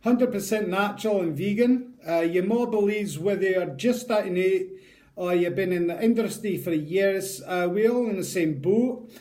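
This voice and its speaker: A man's voice: high voice, normal speed, a little mellow, lightly acted. A man doing a hammy mock-Scottish ad reader. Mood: sales pitch. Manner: hammy, self-mocking put-on. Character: adult man reading product ad copy in a mock Scottish accent.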